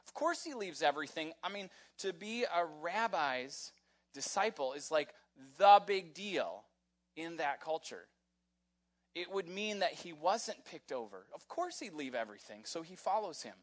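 A man preaching a sermon in a casual, animated storytelling way, with frequent fillers as he talks. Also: on the high side, measured pace. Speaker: pastor. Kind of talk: conversational sermon.

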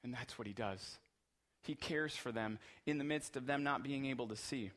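A man's voice: mid-range voice, moderate pace, a bit bright. A man preaching a sermon as pastor, earnest and emphatic, repeating phrases for rhythm.

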